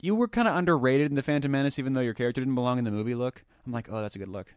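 A man's voice: medium pitch, racing, no room sound. A man tells meandering anecdotes during a film commentary, quoting friends along the way. His voice sits mid-range and the recording is dry and close. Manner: rambling anecdotes, reads chat aloud. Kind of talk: casual movie commentary chat.

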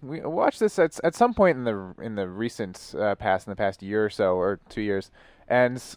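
A man's voice: on the low side, lively intonation, normal speed, a little mellow, no room sound. Hesitant male co-host thinking aloud. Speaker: podcast co-host. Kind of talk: casual movie commentary chat.

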